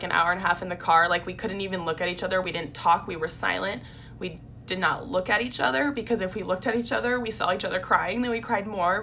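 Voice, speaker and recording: Bright, gravelly-voiced young woman vlogging. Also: medium pitch, slight background noise. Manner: chatty, heavy use of "like", openly emotional. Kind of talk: casual storytelling vlog.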